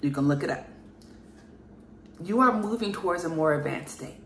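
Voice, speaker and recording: Woman, spiritual reading, earnest and emphatic, lowish voice, echoey room, faint hiss. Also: animated, moderate pace, fairly bright tone. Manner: earnest, emphatic, sighs often. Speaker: spiritual reader.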